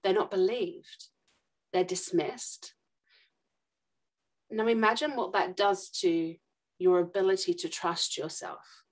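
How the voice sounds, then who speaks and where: Woman, podcast guest, quick emphatic explainer. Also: on the low side, steady tone. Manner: fast, emphatic explaining with acted examples. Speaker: podcast guest, trauma expert.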